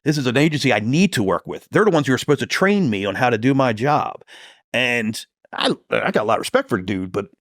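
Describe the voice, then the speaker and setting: A man's voice: mid-range voice, lively intonation, fast talker, no echo, studio quality. A man, a police detective, telling stories from the job in a podcast interview, swearing freely and acting out heated phone calls.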